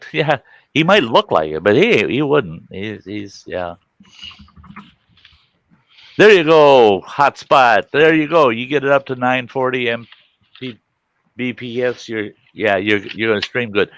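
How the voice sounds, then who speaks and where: A man's voice: medium pitch, lively intonation, unhurried, long pauses. A middle-aged man hosting a livestream, telling rambling folksy stories in casual chat. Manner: folksy, rambling anecdotes with lots of restarts. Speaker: host.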